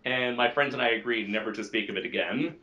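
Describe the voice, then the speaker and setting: A man's voice: mid-range voice, fast talker, bright, forceful tone, muffled recording. A man co-hosting a casual podcast, rambling with many restarts and frequent laughs. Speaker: podcast co-host. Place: lives in Japan.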